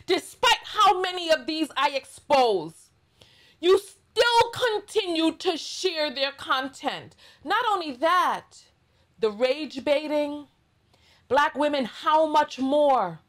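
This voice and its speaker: A woman with a New York accent delivers casual vlog commentary in a high, unhurried voice. She is blunt and sarcastic, drawing out words for emphasis as she lectures her audience. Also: expressive. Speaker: commentary channel host.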